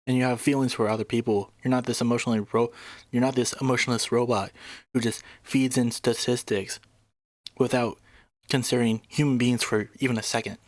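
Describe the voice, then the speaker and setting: A man's voice: mid-range voice, steady tone, brisk, no room sound. A man commenting casually on a debate clip, indignant and swearing freely. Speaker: reaction video host.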